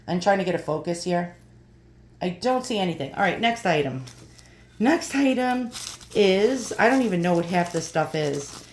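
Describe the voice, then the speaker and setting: A woman's voice: lowish voice, lively intonation, moderate pace, roomy sound, slight background noise. A woman in her fifties chatting casually as she shows items from an online haul, thinking aloud while she peers at small print. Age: 50s. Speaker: vlogger showing an online haul.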